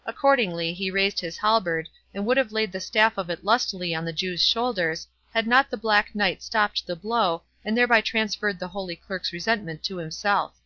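Bright-voiced woman narrating a classic novel. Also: mid-range voice, moderate pace, hardly any pauses, dry recording, lo-fi sound. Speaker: audiobook narrator. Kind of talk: scripted narration.

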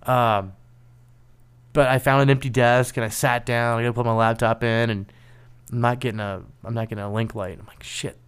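A man with a smooth, clear voice at a middle pitch tells a story in a casual chat. He keeps a relaxed, wry tone. He slips into other people's voices when he quotes them. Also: a little fast. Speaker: penetration tester co-host.

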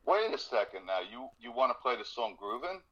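A man's voice: medium pitch, big pitch swings, a little fast, sharp tone, slightly rough. A man, a guest singer, chatting casually in a radio interview and cracking puns. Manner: joking, punning, self-deprecating. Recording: dull lo-fi sound.

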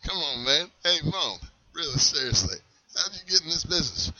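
A man's voice: on the high side, animated, normal speed, sharp tone, highs cut off. A young man hosting a comic street interview, in a laid-back, drawling, mock-polite manner. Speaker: comedy host and interviewer.

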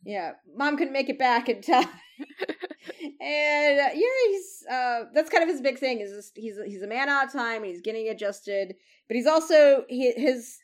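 A woman's voice: high-pitched, animated, normal speed. A woman co-hosting a casual podcast chat, rambling with restarts and frequent laughs. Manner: rambling, laughs often, many restarts and fillers. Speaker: podcast co-host.

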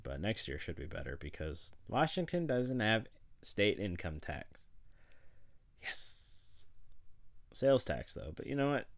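A man's voice: on the low side, big pitch swings, measured pace, vocal fry, pauses often, dry recording, clean studio sound. A man giving a casual, rambling personal update to the camera, swearing freely and chuckling as he goes. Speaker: vlogger.

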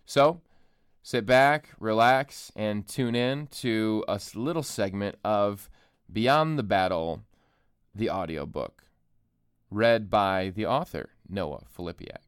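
Man, solo podcast host, casual monologue, joking, self-deprecating, smooth resonant voice, dry room. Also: lowish voice, takes it slowly, no echo. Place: empty room. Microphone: studio microphone.

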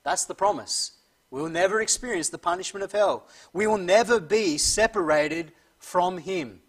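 A man preaching a sermon who reads scripture slowly and emphatically and often clears his throat. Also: sits high, fairly bright tone. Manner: slow, emphatic reading of scripture.

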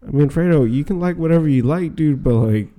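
A man's voice: fairly high pitch, fairly quick, warm tone, slight background noise. A young man telling a rowdy story among friends, swearing often and breaking into laughter.

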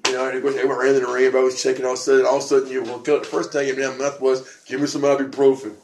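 A man tells a story in an easy conversational tone, pitched right in the middle for a man. He gets excited and rambles, repeating himself as he goes. The sound is roomy and echoey, with a faint hiss behind him. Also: very fast. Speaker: podcast co-host. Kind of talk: casual storytelling chat. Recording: echoey room with faint noise.

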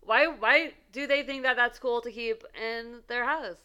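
A young woman co-hosting a podcast, telling a dating story in an animated way, laughing and acting out quotes. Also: a little high, unhurried, clean tone. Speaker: podcast co-host. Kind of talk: casual storytelling chat.

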